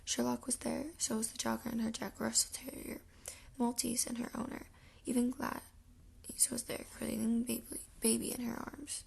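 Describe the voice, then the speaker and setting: A woman reading a children's chapter book aloud in a soft, half-whispered way, her voice gravelly and rough from the early morning. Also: a little high, flat delivery, a little fast. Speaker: audiobook reader.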